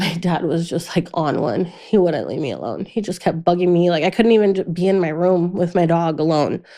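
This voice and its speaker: A young adult woman as a podcast guest, telling a painful personal story candidly, halting and restarting often and going quiet in the hardest moments. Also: fairly low pitch.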